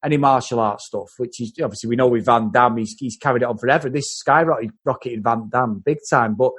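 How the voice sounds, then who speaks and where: A man's voice: mid-range voice, fast talker, fairly bright tone, slightly rough. A man co-hosting a podcast, casually sharing film trivia and swearing now and then. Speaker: podcast co-host.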